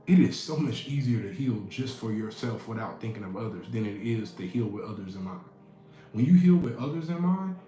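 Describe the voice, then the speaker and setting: A man gives a preachy motivational talk, driving points home by repeating them. His voice sits at an ordinary pitch and rings around an echoey room. Faint music plays underneath. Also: dark tone. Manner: preachy, repeats key lines for emphasis. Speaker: inspirational speaker.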